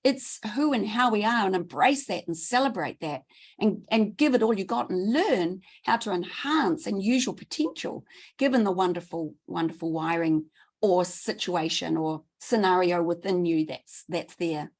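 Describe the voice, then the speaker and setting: A middle-aged woman giving a training talk, enthusiastic and quick, repeating words for emphasis. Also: on the low side. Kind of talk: presentation talk.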